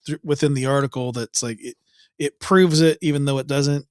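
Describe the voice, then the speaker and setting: A man's voice: mid-range voice, steady tone, moderate pace, a little mellow, dry recording. A man hosting an interview podcast, chatting casually and often repeating words as he starts a thought. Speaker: podcast host.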